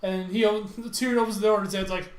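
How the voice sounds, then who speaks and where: A man co-hosting a podcast, recapping an episode in casual chat, animated and swearing freely while acting out quotes. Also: high-pitched, fast talker, roomy sound, slight background noise. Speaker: podcast co-host.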